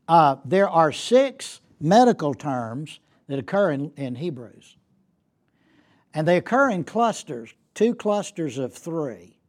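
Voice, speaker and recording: A man's voice: on the high side, sing-song, takes it slowly, a little mellow. A man giving an academic lecture as a guest speaker, emphatic and repeating key points for effect. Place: lecture hall.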